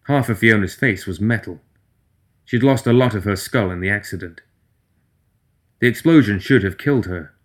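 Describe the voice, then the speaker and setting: Man with a low, steady storytelling voice. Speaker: narrator. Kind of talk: audiobook narration.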